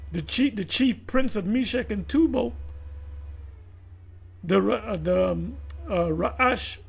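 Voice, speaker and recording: High, gravelly man rambling. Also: takes it slowly. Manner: rambling, with frequent restarts and fillers. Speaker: video commentator. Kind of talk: casual monologue commentary.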